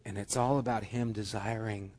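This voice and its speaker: A male pastor preaching a sermon, animated, swinging between loud emphasis and soft, hushed lines. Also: fairly low pitch, normal speed, long reverb tail.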